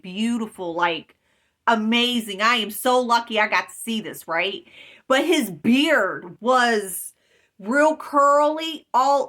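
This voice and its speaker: A woman with a bright voice and a fairly high pitch tells her story in a rambling, emphatic way. She talks unhurriedly, with plenty of pauses and filler words along the way. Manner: rambling, emphatic retelling of a dream. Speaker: vlogger. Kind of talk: casual storytelling.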